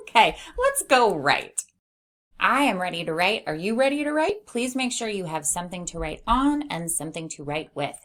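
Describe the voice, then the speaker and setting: A woman teaching an early reading lesson, sounding words out slowly for young children. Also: on the low side, creaky, a bit bright. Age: adult. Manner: slow, sing-song teacher voice, sounding out words.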